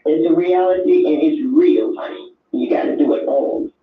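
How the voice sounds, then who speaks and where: A woman's voice: lowish voice, sing-song, normal speed, far from the mic. An older woman calling in to a show, talking with effusive emotion and repeating herself. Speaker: caller. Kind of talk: call-in chat. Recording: echoey tinny phone line.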